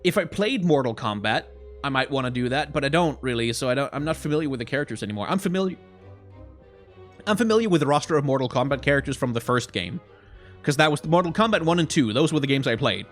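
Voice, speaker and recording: On a live stream, a young man from Denmark talks casually and reads out donations, swearing a lot and getting excited. He has a faint Danish accent and a medium-pitched voice.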